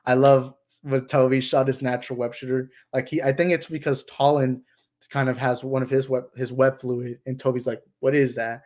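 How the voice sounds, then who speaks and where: Excited young man rambling about a film. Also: mid-range voice, normal speed. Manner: excited and rambling, with many fillers. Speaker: channel host. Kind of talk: casual movie discussion livestream.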